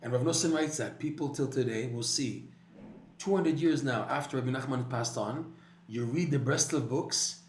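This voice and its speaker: A man's voice: medium pitch, moderate pace, echoey room, slight background noise. A man teaching a Torah class, telling a story animatedly with frequent restarts and repeated words.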